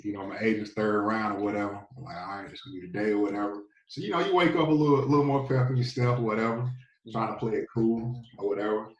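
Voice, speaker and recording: As a podcast guest, a former football player in his thirties with a Southern US accent tells his story in a relaxed, rambling interview full of fillers. His voice is on the low side, and the recording is echoey, with him a bit distant from the mic.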